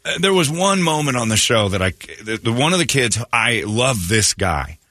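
A man's voice: medium pitch, sing-song, normal speed, pushed and bright, no echo, clean studio sound. A man hosting a morning radio show, chatting casually and acting out quotes in raised voices as he tells a story.

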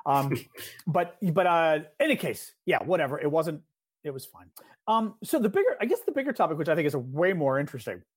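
A man with a somewhat high, husky voice co-hosts a casual political podcast. He rambles through his points with restarts and easy agreement. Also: sing-song. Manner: rambling, chatty, quick to agree. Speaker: podcast co-host.

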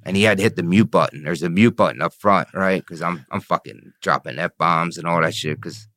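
A man's voice: low voice, normal speed, a bit bright, dry recording, clean studio sound. A man telling stories as an interview guest, profane and rambling in a streetwise way. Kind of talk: casual storytelling.

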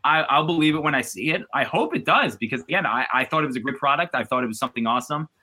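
A man guesting on a sports podcast, telling stories in a loose, animated way with lots of restarts and fillers. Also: mid-range voice, racing, breathy edge. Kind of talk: casual sports chat.

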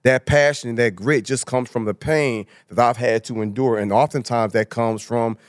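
A man's voice: mid-range voice, fairly even intonation, normal speed, no room sound, clean studio sound. A man speaking as a motivational speaker and guest, telling stories in an earnest, emphatic way in a casual conversation. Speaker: husband, father and church elder.

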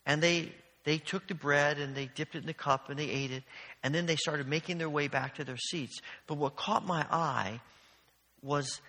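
A man preaching a sermon as pastor, telling stories with an animated, earnest delivery from the front of a church sanctuary. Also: on the high side, normal speed. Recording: long church reverb.

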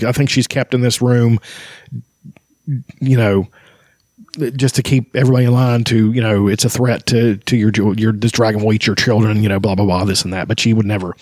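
A man's voice: lowish voice, no room sound, studio quality. A man reading aloud from a fantasy novel and chatting about it in between, hesitant and full of restarts. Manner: hesitant, many fillers and restarts. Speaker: book reader and commentator. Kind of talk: casual reading with commentary.

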